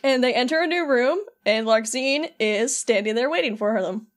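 A woman co-hosting a podcast, recapping a video game in lively casual storytelling full of "like". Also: on the high side, normal speed. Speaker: podcast co-host.

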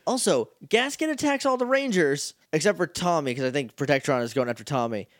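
A man's voice: a little high, lively intonation, a little fast, no room sound, clean studio sound. A man co-hosting a podcast, chatting casually as he recaps an episode and slips into playful quotes. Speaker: podcast co-host.

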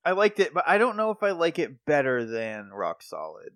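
A man's voice: fairly high pitch, wildly swooping pitch, moderate pace, a bit bright, no room sound, studio quality. A man co-hosting a podcast over a video call, chatting casually in a wry, dryly joking way. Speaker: podcast co-host. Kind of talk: casual chat. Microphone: remote video-call mic.

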